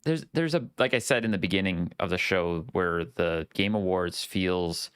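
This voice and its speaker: A man hosting a gaming podcast, talking casually and at length in a relaxed, rambling way. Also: low-pitched, normal speed, smooth, dry recording, studio quality. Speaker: podcast host.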